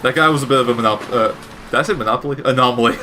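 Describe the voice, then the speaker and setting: A man's voice: mid-range voice, very fast, sharp tone, a little hiss or hum. A man giving casual, rambling gameplay commentary with wry asides and frequent self-corrections. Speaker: gaming commentator.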